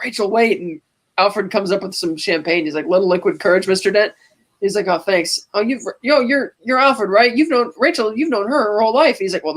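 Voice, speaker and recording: Woman co-host, mid-pitched and casual, walking through a film scene by scene. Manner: retells scenes quoting lines with "he's like". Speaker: podcast co-host. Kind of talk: casual movie recap.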